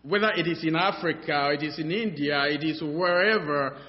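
A man preaching a sermon, animated and halting, often repeating words and filling pauses, acting out little dialogues as he goes. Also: on the high side. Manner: acts out dialogues in his story. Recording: dull sound, long hall reverb.

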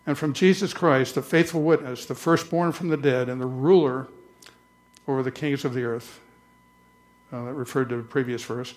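A man preaching a conversational church sermon, slowing down to read scripture aloud. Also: mid-range voice, steady tone. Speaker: pastor.

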